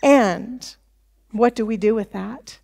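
A woman pastor from the United States preaching a sermon in church, conversational and animated, acting out the voices she quotes. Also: fairly high pitch, slow, creaky.

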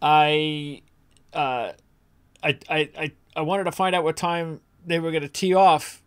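A man's voice: fairly high pitch, steady tone, unhurried, clean tone. A man co-hosting a golf betting podcast, opinionated and rambling, with frequent restarts and fillers. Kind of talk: casual sports chat.

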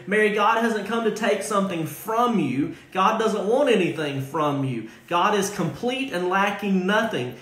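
A man's voice: sits high, animated, unhurried, few pauses, fairly bright tone, reverberant. A male pastor preaching a sermon, emphatic and repetitive, calling out listeners by name. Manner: emphatic, repeats phrases and calls out listeners by name.

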